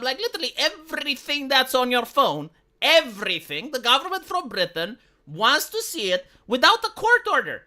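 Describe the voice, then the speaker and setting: Woman streamer with a Romanian accent: bright, lively pitch, sarcastic profane rant. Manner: sarcastic, profane, mocking quoted voices. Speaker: live streamer. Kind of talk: ranting commentary stream.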